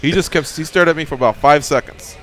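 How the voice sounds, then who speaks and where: A man's voice: fairly high pitch, fast, soft background music. A man co-hosting a radio show, telling a rambling story in casual chat, swearing and acting out what people said. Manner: animated, rambling, swearing, acts out quotes. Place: radio studio.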